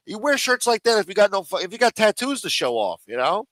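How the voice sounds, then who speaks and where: A man's voice: high-pitched, sing-song, fast, few pauses, a bit bright, no echo, rough recording. A man hosting a live stream, ranting and mocking in casual, profanity-heavy talk. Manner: profane, mocking, rambling rant.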